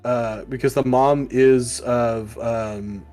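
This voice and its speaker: A man's voice: mid-range voice, fairly even intonation, slow pace, warm tone, soft background music. Rambling man reviewing comics. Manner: rambling, many fillers, acts out quoted lines. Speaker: podcast co-host. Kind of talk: casual comic book review chat.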